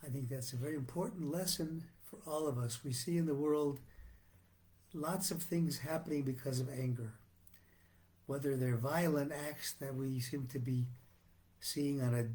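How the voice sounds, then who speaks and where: A male rabbi giving a sermon on the weekly Torah portion in a measured, earnest teaching manner with frequent restarts. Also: mid-range voice, a little mellow.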